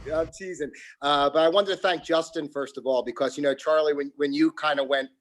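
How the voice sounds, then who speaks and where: A man's voice: fairly high pitch, steady tone, a little fast. A man from New Jersey with an American accent, a guest chatting casually on a video call, rambling and correcting himself. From New Jersey, near Philadelphia. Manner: rambling, self-correcting, chuckles. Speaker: guest, yoga teacher.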